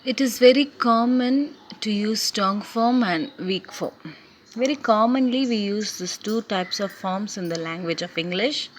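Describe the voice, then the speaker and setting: A woman teacher giving a recorded English lesson, speaking deliberately and repeating her key points. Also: mid-range voice, a little hiss or hum.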